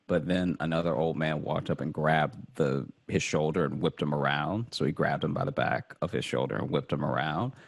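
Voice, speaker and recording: A man's voice: extremely low pitch, moderate pace, creaky, hardly any pauses. A young man from Chicago, a comedian telling a story in casual chat, acting out voices and laughing as he goes. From Chicago, USA. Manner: animated, acts out voices, laughs through the story.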